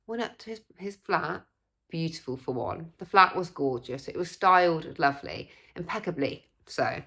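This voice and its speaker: Young woman vlogger from England, casual storyteller, slightly low voice. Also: normal speed. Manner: chatty, animated, acts out quoted voices.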